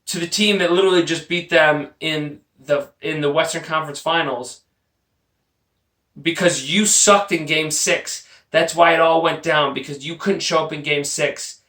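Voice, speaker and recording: Heard through a distant, roomy home microphone, a man from Texas hosts a sports podcast, cursing and bluntly ridiculing his targets in an opinionated rant. His voice is a little high and a bit bright.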